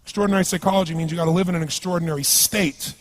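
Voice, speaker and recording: A man giving a live seminar talk as a motivational speaker, speaking fast in a slightly raised voice. He drives his points home with punchy emphasis and keeps asking the audience questions. A faint noise sits under the speech. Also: on the high side, fairly even intonation.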